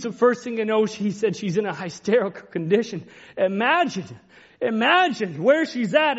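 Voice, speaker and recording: A man preaching an emotional sermon, retelling a story with passion, dropping to hushed tones and rising to cries. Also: high voice. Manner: impassioned, swings between hushed and rising cries. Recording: dull lo-fi recording.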